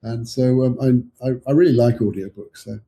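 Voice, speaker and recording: A man's voice: medium pitch, fairly quick, gravelly, dark tone. An older English man, an author guest, telling rambling anecdotes in casual chat with chuckling asides.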